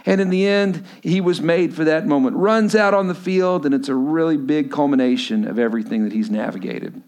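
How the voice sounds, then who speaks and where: High-voiced pastor preaching conversationally. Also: male voice, a little fast, darkish tone. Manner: conversational, asks the congregation questions. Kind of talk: sermon.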